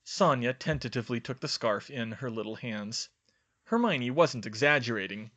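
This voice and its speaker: Bright-voiced male audiobook narrator. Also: medium pitch, lively intonation, moderate pace. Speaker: audiobook reader. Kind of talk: storybook narration.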